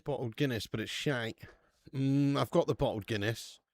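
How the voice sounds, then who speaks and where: Gravelly British man chatting on a stream. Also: medium pitch, normal speed, no echo. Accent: British English. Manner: chatty, swears freely, reads viewer comments aloud. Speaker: watch-along host. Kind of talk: casual live-stream chat.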